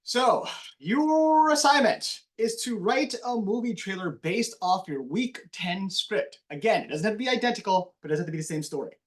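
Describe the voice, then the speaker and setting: A man with a fairly high voice gives a casual lecture to a class. He is a TV news anchor. He talks in quick, animated bursts with a slight mumble. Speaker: TV news anchor giving a guest lesson.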